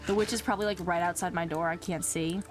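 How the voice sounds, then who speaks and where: A woman's voice: fairly even intonation, fast, over music. A young woman hosting a game video, chatting casually and talking back to the game's creatures in a flustered, exclaiming way. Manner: flustered, talks to the game's mobs, swings from exclaiming to low muttering. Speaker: Minecraft let's play host.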